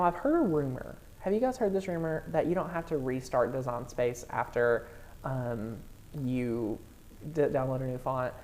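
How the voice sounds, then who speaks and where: Lady teaching crafting software live, low mellow voice, bubbly and chatty. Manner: bubbly, excitable, greets chat viewers. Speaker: host of a live crafting tutorial. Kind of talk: live-stream software tutorial.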